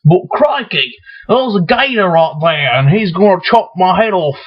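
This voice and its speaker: A man's voice: high voice, animated, normal speed. A man voicing a brash Australian outdoorsman in a mock Australian accent, boisterous. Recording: dull lo-fi recording.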